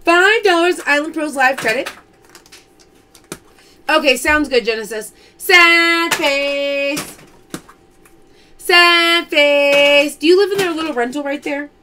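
A woman with a high voice hosts a live online sale, talking in an unhurried, drawn-out way. She chats casually, greets viewers by name and answers their comments. Steady noise runs clearly under her voice. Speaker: live-stream pearl sale host. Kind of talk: chatty live sales stream.

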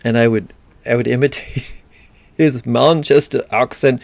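American male lecturer, gravelly, rambling with fillers, dry close sound. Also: mid-range voice, steady tone, darkish tone, no echo. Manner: digressive, halting, with many fillers. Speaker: literature lecturer. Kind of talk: recorded university lecture.

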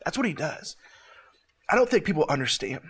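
Earnest, halting man near tears. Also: fairly high pitch, very animated, fairly bright tone, slightly rough. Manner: earnest, halting, with many restarts. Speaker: host of a ministry show. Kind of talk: emotional testimony to camera.

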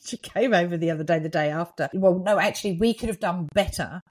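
A woman co-hosting a podcast in casual, animated chat, laughing often. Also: lowish voice, fast, poor audio. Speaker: podcast co-host, medium.

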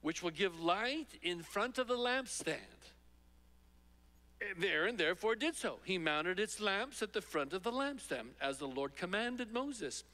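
A man, a pastor, preaching a verse-by-verse sermon in a conversational, emphatic way, dropping his voice low when he quotes scripture. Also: lively intonation, a little slow, bright, forceful tone, big-room sound. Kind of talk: expository sermon. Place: large church sanctuary.

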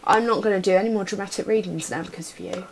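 A woman's voice: medium pitch, quick pace, vocal fry, slight background noise. Playful woman streaming a retro game. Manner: playful, chatting to viewers while typing commands. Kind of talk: casual live-stream commentary. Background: keyboard typing.

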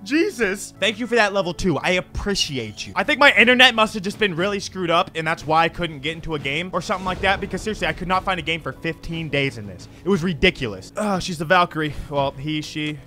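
A young man giving live gameplay commentary, swearing often and swinging between shouted rage and low grumbling. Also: expressive, quick pace, hardly any pauses, soft background music. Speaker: gaming video creator.

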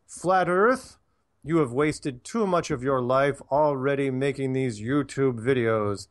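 A man's voice: medium pitch, lightly acted. A man voicing an outraged, scornful older male troll reading his own angry email.

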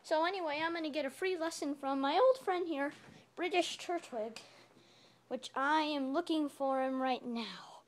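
Woman vlogger, high and light voice, playful home-video ramble, calls out loudly at times. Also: normal speed.

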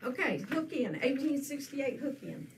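A woman presenting a quilting class, unhurried and full of fillers. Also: high voice, big pitch swings, gravelly. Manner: slow, unhurried, with many fillers. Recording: distant mic with room noise.

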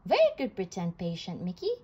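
A woman's voice: lowish voice, huge pitch swings, brisk, warm tone, slightly rough, muffled recording, pitched below the performer's own voice, full character voice. A woman voicing a helpful female cartoon duck pretending to be a doctor, kind and explaining. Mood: kindly. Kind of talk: storybook read-aloud.

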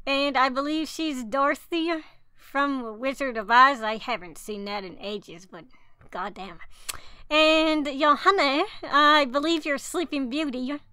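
A woman vlogging casually over a mobile game, gushing and excitable, often apologizing for herself. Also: high-pitched, measured pace, no echo. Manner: gushing, excitable, self-deprecating. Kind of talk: casual gameplay commentary.

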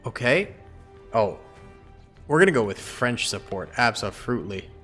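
A man's voice: medium pitch, sing-song, normal speed, bright, forceful tone, faint music behind. A young man giving casual gameplay commentary, chatting to himself and pleading with his units. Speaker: gaming YouTuber.

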